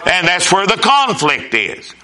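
A male pastor delivers an emphatic sermon, swinging up and down as he repeats his points. His voice sits a little high and sounds very bright and ringing. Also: wildly swooping pitch, unhurried. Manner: emphatic preaching, rising and falling with repeated phrases.

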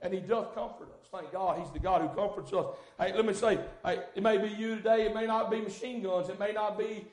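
Man, very high voice, fervent sermon, hushed to shouting, echoey sanctuary. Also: steady tone, a little fast, hardly any pauses. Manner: fervent, swings from hushed to loud shouting, repeated calls of "hey, listen". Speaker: preacher. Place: church sanctuary. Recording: echoey church room.

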